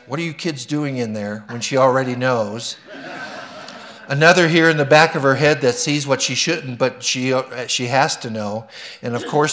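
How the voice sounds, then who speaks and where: A man's voice: mid-range voice, fairly bright tone, lightly acted. A man reading as God, proudly explaining. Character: God the creator, weary but proud.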